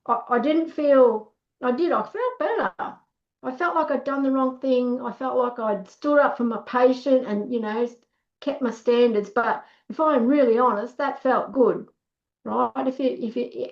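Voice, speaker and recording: A woman's voice: a little high, moderate pace, dull audio. A middle-aged woman, talking casually on a webinar, telling stories and acting out what people said, with lots of restarts. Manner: storytelling, acts out quoted lines, many restarts. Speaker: workshop speaker.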